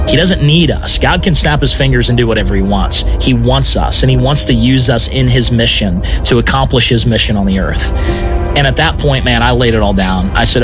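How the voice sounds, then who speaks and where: A man telling his personal testimony as a missionary, talking in an animated, conversational way. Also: medium pitch, fairly quick. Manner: animated, conversational, often says "man" and "right?". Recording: music bed under speech.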